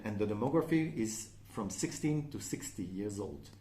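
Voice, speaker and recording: A man's voice: on the low side, lively intonation, normal speed, few pauses, mellow, echoey room, a little hiss or hum. A man with a French accent, a native French speaker, chatting casually in a perfume review and often checking in with "okay?". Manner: chatty, frequent "okay?" and "uh" fillers.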